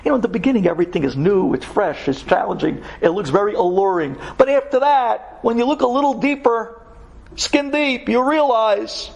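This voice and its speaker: A rabbi tells a dramatic story in a high, lively voice that swoops up and down. His tone is gravelly and husky. He talks in a conversational, emphatic way. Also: moderate pace.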